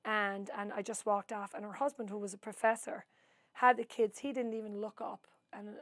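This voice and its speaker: A woman's voice: mid-range voice, level tone, normal speed, fairly bright tone, no room sound. Irish woman, oral-history storyteller, rambling with asides, dry close sound. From Ireland. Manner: long-winded storyteller who adds asides. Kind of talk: rambling spoken recollection.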